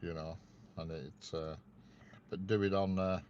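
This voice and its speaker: Deep-voiced Northern English stream host. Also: male voice, steady tone, a little slow, darkish tone. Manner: reads viewer comments aloud and teases them with dry banter. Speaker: railway live-stream host. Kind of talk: casual live-stream chat. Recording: dull lo-fi audio with faint background noise.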